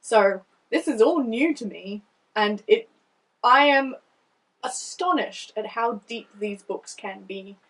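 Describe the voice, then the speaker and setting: A woman panellist on a podcast, discussing a children's book in a lively, animated way. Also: fairly high pitch, slow, recorded from a distance, rough recording.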